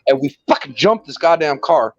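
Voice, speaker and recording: A man's voice: a little high, animated, normal speed, no room sound, highs cut off. A man telling a long rambling story in casual chat, swearing and laughing often.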